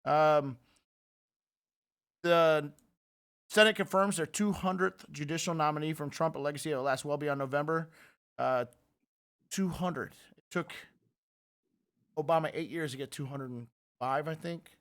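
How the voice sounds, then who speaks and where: A man hosting a political podcast, giving opinionated and animated commentary. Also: fairly high pitch, a little slow, pauses often, clean tone. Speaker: podcast host.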